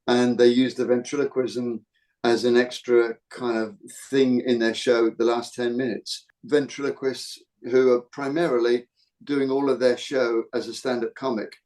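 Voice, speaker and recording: A man's voice: medium pitch, flat delivery, moderate pace, a little mellow. A man from the UK hosting a podcast, chatting casually and rambling with frequent restarts. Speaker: podcast host. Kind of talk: casual chat.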